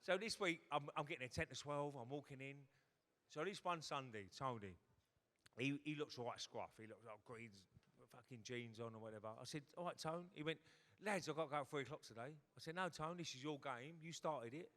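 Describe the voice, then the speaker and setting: He speaks a little fast at a medium pitch, with a slightly bright tone. The guest, a former footballer, stands on a hotel ballroom stage telling a story full of swearing and acting out what others said, recorded with the long echo of a big hall.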